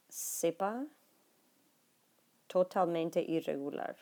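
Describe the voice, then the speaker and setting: A woman teaches a Spanish lesson in a low, mellow voice with a gravelly edge, speaking a little slowly. She explains patiently and addresses her students directly, sometimes dropping to a soft murmur as she writes on the page. The recording is of classroom lesson notes.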